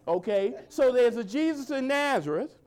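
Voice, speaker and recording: A pastor preaching a sermon to his congregation, quoting scripture in old-fashioned wording and speaking informally, asking for agreement and slowing down to drive key lines home. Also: very high-pitched, expressive, a little mellow, clean tone. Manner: preaching with a call-and-response cadence, slowing to stress lines.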